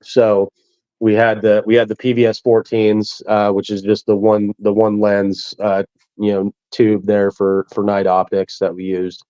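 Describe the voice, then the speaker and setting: Mellow low-voiced man, dull dry audio. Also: completely flat delivery, unhurried, clean tone, dry recording. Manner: easygoing, chuckles through his anecdotes. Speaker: military veteran guest. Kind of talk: casual interview storytelling.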